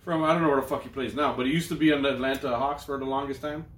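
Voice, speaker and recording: A man's voice: mid-range voice, steady tone, rapid-fire, a bit bright, echoey room, slight background noise. A man co-hosting a podcast, teasing his partner with profane jokes and frequent interruptions. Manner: profane, teasing, jumps in often. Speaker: podcast co-host. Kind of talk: casual comedic banter.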